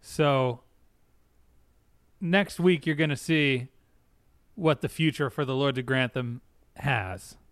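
A man co-hosting a podcast, chatting casually with a relaxed, wry way of talking. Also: medium pitch, takes it slowly, pauses often, dry recording. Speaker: podcast co-host. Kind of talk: casual chat.

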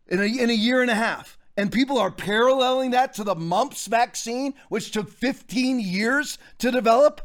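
Man in his fifties, show host, fairly high voice, forceful ranting commentary. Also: moderate pace, few pauses. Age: 50s. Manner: emphatic, ranting, addresses listeners directly. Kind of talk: political commentary monologue.

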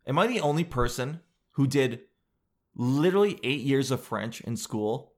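A man's voice: medium pitch, lively intonation, normal speed, a little mellow. Rambling, joking young man. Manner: joking, self-deprecating, meandering with loose asides. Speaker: vlogger. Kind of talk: casual rambling monologue.

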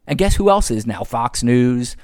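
Animated, ranting man podcaster. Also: mid-range voice, moderate pace. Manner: sarcastic, ranting, profane. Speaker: podcast host. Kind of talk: solo podcast commentary.

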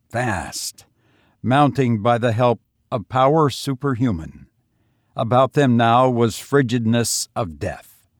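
A man reading a story aloud in a slow, measured, solemn manner. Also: medium pitch, no room sound, clean studio sound. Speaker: narrator.

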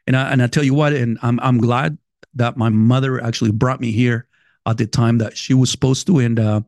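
A man with a foreign accent, talking casually to his viewers as a vlogger, halting and rambling with many restarts. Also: mid-range voice, fairly even intonation, darkish tone, dry recording, studio quality. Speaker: vlogger reading viewer messages. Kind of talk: casual direct-to-camera talk.

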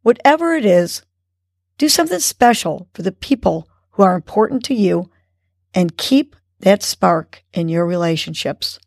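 A woman hosting a morning mindfulness segment, calmly and encouragingly guiding a breathing lesson for kids. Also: medium pitch, creaky, dry recording, studio quality. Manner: calm, slow, encouraging instruction.

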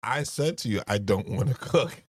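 Husband and co-host, defensive, laughs often, dry close mic. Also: male voice, mid-range voice, lively intonation, normal speed, slightly rough, dry recording. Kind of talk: casual couple argument.

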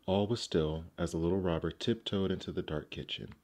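A man narrating fairy tales in a gentle, expressive storybook reading. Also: low voice, fairly quick.

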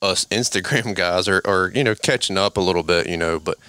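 A man's voice: low-pitched, brisk, bright, forceful tone, smooth, no room sound. A man guest on a podcast, talking from home in a rambling way with many fillers. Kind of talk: casual chat.

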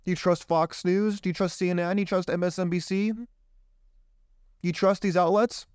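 Male host, indignant political monologue, fairly high and smooth voice, dry close mic. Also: steady tone, moderate pace, darkish tone, no echo. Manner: indignant, rhetorical questions, rambling. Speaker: show host.

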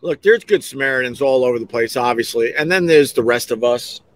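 A man's voice: medium pitch, lively intonation, fairly quick, dry recording. A middle-aged man hosting a podcast, telling a rambling, digressive story and acting out the voices of people he quotes. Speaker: podcast host, former radio host. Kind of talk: casual storytelling monologue.

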